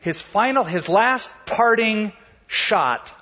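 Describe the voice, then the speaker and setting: Husky guy preaching, kinda high voice, long echo like a big church hall. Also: expressive, slow, pushed and bright, dull audio. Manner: explains scripture in a casual, storytelling way, acting out quotes. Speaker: pastor. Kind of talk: sermon.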